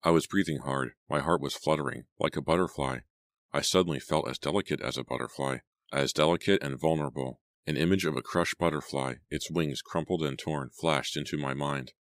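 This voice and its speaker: A man narrating an audiobook in a measured, even storytelling manner. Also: very deep voice, dry recording. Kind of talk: scripted narration.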